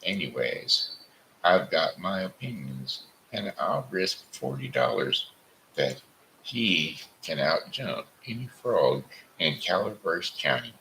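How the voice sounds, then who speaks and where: A man's voice: deep voice, very animated, slow, vocal fry, sharp tone, a little hiss or hum, heavily acted, low-quality recording. A man voicing a casually boastful frontier gambler who talks in a drawling, folksy way. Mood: stubborn.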